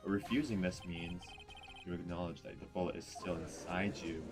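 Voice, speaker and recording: A man's voice: low-pitched, steady tone, normal speed, natural voice. A man voicing a determined young defense attorney who presses his case earnestly. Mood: pressing. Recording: voice over loud background music.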